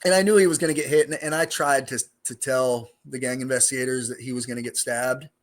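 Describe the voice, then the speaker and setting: Speaking quickly with a steady tone at medium pitch, a middle-aged man who once served time tells rambling stories as an interview guest. His talk is streetwise and profane, heavy with slang and fillers, in a relaxed, conversational setting.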